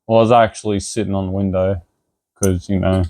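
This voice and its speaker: A man's voice: sits low, level tone, fairly quick, mellow. A young man co-hosting a casual chat, telling a story in a laid-back way with brief replies. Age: young adult. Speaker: co-host.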